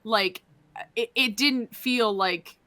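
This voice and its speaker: Casting: young woman podcast co-host, bright tone, animated, swears freely, casual chat. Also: fairly high pitch, takes it slowly. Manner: animated, swears a lot, many restarts.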